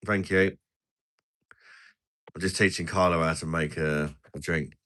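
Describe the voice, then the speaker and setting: Deep-voiced British man with a forceful edge, rambling live-stream host, jokey banter. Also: fairly even intonation, measured pace. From Britain. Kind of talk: casual live-stream chat while drinking.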